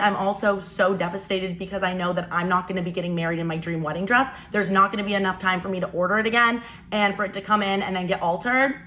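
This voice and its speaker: A young woman telling a storytime vlog story in an animated, exasperated and incredulous way. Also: medium pitch.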